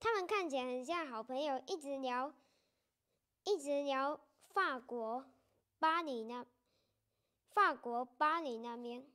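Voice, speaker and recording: High, slow-reading woman teacher. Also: pushed and bright. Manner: slow and deliberate, repeating sentences for learners. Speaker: storybook reader and English teacher. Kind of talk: reading a picture book aloud with explanations.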